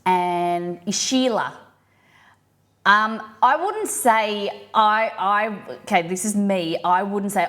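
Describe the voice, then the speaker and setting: A woman's voice: medium pitch, unhurried, fairly bright tone. A woman with an Australian accent hosting a live stream, chatting casually and rambling with lots of restarts as she answers viewers. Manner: acts out quoted phrases in playful voices. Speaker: livestream host. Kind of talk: casual chat reading viewer comments.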